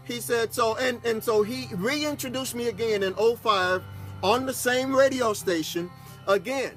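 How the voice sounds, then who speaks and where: A man speaks in an extremely high, fairly bright voice, a little slowly, with faint music in the background. He's a pastor and broadcast host from Texas sharing a personal story in a casual, folksy way and repeatedly checking in with "okay?"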